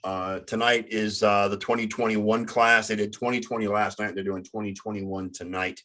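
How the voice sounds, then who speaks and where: Halting low-voiced man hosting sports talk. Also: level tone, bright, forceful tone. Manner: halting, stumbles and restarts often. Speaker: sports podcast host.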